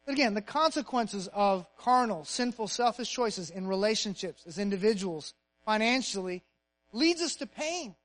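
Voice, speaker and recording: A male pastor preaching a sermon, punching key phrases and dropping to a soft, hushed voice in prayer. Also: high voice, animated, moderate pace, poor audio.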